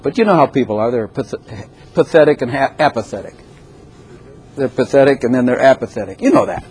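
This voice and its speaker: A man preaching a sermon as a pastor, animated, with laughing asides and repeated phrases for emphasis. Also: mid-range voice, a little fast, slightly rough, low-quality recording.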